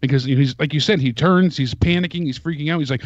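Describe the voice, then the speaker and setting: A man's voice: fairly high pitch, quick pace, dry recording. Sarcastic male co-host, dull lo-fi dry recording, questions everything. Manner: sarcastic, exasperated, swearing. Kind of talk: casual review chat.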